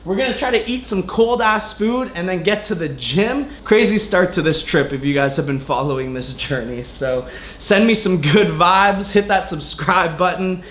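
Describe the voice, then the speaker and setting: Young male fitness vlogger, higher voice, casual swearing storyteller, roomy echo. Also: moderate pace. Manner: animated, swears freely, retells conversations. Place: hotel room, then gym. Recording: echoey room sound.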